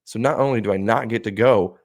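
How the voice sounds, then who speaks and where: A man with a lowish voice tells a story in a loose, swearing, worked-up way. He is one of a podcast's hosts, chatting casually with his co-hosts. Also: fairly quick, dry recording, clean studio sound. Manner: profane, heated ranting storyteller. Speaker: podcast co-host.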